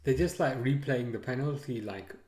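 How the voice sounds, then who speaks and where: In an echoey room, a man of medium pitch and moderate pace hosts a live stream, chatting through a match. Relaxed but hesitant, he reads out and answers viewer comments, often trailing off into fillers.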